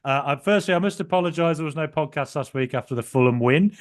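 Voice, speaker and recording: A man's voice: a little high, fast. A young man co-hosting a casual podcast, telling a long story in a rambling way with frequent ums and restarts. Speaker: podcast co-host.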